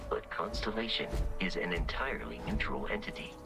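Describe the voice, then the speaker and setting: A deep, formal robot companion, calm and matter-of-fact. The voice moves with a lively lilt despite its even manner. Game music plays clearly underneath. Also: male voice, brisk, heavily acted. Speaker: game character. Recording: game audio over music.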